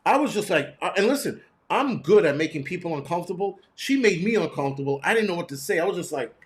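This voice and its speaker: A man hosting his own show, telling a story in a blunt, profane, animated way. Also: sits high, fast. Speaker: host. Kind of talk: casual storytelling monologue.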